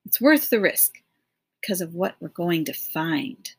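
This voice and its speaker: A woman's voice: fairly low pitch, sing-song, measured pace, creaky, husky, heavily acted. A woman reading an audiobook voices a confident adult man who brushes off danger and speaks with dismissive certainty. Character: brisk, self-assured adult man planning a journey.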